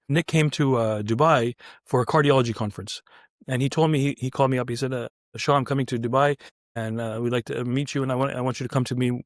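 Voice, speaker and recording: A neurointerventional surgeon guesting on a podcast tells a story casually, acting out dialogue in quoted voices and often restarting sentences. His medium-pitched voice has studio quality with no room sound.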